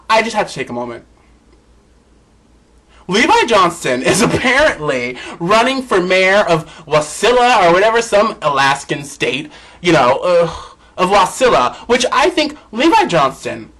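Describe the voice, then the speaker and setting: A man dishes celebrity gossip on his vlog in a high, bright voice. He is sassy, campy and outspoken. His pitch leaps up and drops low. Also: big pitch swings, measured pace, rough recording. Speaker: vlog host.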